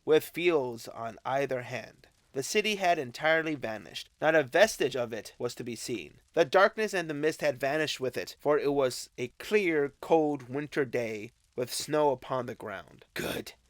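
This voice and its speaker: A man narrating a classic novel as an audiobook, with expressive, unhurried storytelling. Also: mid-range voice, no echo. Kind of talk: scripted narration.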